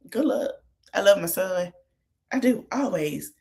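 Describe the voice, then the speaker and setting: A woman's voice: fairly low pitch, a little slow, creaky. Chatty woman podcast host, motherly advice. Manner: chatty, gives motherly advice straight to the cast. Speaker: podcast host recapping a reality show. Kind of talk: casual recap chat.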